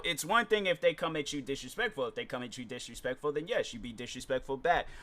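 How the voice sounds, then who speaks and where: Male vlog host, casual chat, slangy, restarts a lot, bright tense tone, slightly high. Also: clean tone. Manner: rambling, slangy, many restarts. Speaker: show host.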